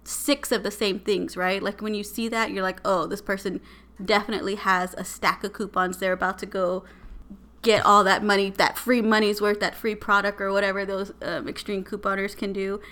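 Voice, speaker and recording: Bright animated woman. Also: mid-range voice, normal speed. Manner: animated, exasperated storytelling. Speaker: podcast co-host. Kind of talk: casual chat.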